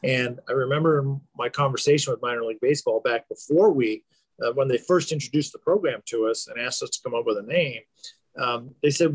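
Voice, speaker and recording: A man's voice: medium pitch, a little fast, slightly rough, no echo. Man, general manager being interviewed, rambly and easygoing, dry close recording. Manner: relaxed, rambling with many fillers and restarts. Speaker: baseball team general manager. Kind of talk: conversational interview answers.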